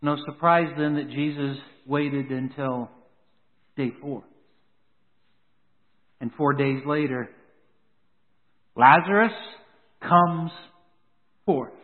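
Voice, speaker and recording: A man's voice: medium pitch, fairly even intonation, slow, long pauses. A man preaching a sermon with dramatic rises and drops for emphasis. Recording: tinny phone-like sound with long hall reverb.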